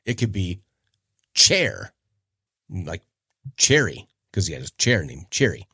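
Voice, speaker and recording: Lively low-voiced man rambling on a podcast. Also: slow, breathy edge, no room sound, studio quality. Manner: rambling, chatty, trails off searching for names. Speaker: podcast host. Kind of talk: casual solo podcast chat.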